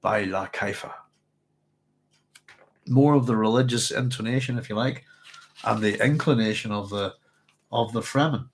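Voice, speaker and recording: A man hosting a relaxed book discussion, his voice sitting at an ordinary middle pitch. He wanders through his thoughts, stops to correct himself and fills gaps with an easy "um". Half reading, half chatting. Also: normal speed. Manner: thoughtful, rambling, with frequent fillers and self-corrections. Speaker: book club host. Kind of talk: casual book discussion with read-aloud passages.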